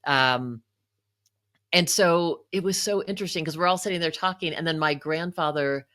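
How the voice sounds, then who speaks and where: Low-voiced woman telling a personal story. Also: normal speed, a bit bright, no room sound, clean studio sound. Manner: emotional, frequent "you know" asides. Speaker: guest, psychotherapist and author.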